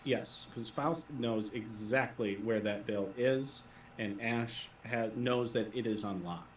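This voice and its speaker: A man's voice: medium pitch, takes it slowly, slight background noise. A man acting as game master, describing the scene and calling for dice rolls in a tabletop role-playing game. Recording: echoey room, voice from a distant mic.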